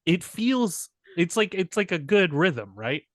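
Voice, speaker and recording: A man's voice: high-pitched, big pitch swings, a little slow, a bit bright, no echo. Playful joke-telling male podcast co-host. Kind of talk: casual comedic chat.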